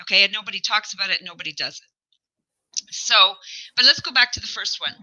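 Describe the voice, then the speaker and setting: A woman guest coach in casual chat, animated and joking, rambling through her points. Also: mid-range voice, a little fast, low-quality recording.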